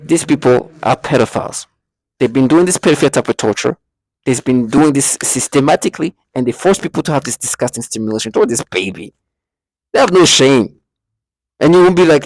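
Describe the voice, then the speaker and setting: A man's voice: mid-range voice, fast talker, a little mellow, no echo. A man talking emotionally to camera in an agitated monologue, stammering and repeating words as he goes. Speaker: vlogger.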